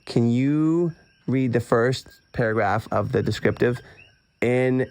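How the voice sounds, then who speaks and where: A congested man, just over an illness, chatting excitedly as a podcast guest. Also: medium pitch, takes it slowly. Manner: excitable, exclaiming. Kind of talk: casual chat.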